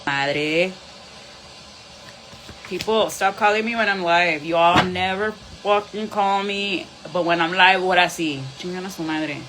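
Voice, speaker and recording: A woman's voice: lowish voice, measured pace, noisy background. A woman doing a live tarot reading, blunt and profane, switching between English and Spanish. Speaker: tarot reader.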